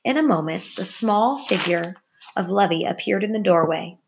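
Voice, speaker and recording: A woman reading a children's story aloud in a steady, even narration. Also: mid-range voice, moderate pace, vocal fry, slight background noise. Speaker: audiobook narrator.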